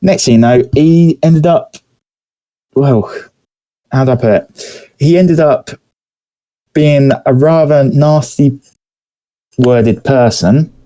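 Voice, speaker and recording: A young man with a British accent chats as a podcast host, his voice soft and mellow at a middling pitch. He tells stories loosely and hesitantly, pausing often and filling gaps with "uh" and "um". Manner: rambling, hesitant, many pauses and fillers. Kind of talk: casual storytelling chat.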